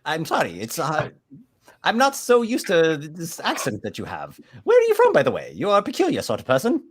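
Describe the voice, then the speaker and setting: A man voicing a pushy, flattering male shell merchant with a grandiose sales pitch. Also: a little fast, husky, full character voice. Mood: chatty.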